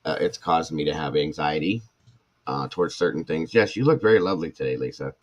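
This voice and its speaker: A little fast and rumbling low, this man's voice comes through dull audio. The middle-aged former firefighter and paramedic rambles candidly to his viewers, restarting often and drifting into asides.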